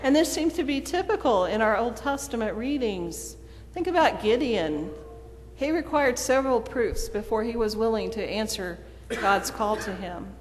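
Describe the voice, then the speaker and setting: A woman's voice: fairly high pitch, lively intonation, moderate pace, a little hiss or hum. A woman preacher delivering a sermon in a storytelling manner, acting out the quoted dialogue. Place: church sanctuary. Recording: long church reverb.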